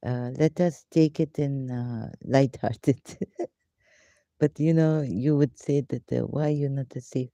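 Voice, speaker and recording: A woman hosting a casual live question-and-answer session, talking in halting, rambling, broken English with frequent fillers, and sometimes talking to herself. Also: a bass voice, steady tone, dark tone, no echo. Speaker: live Q&A host.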